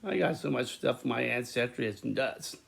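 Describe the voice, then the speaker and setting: A man talking in a rambling, casual monologue to his viewers, repeating words, restarting sentences and breaking into loud laughter. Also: medium pitch, expressive, moderate pace, vocal fry. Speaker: vlogger.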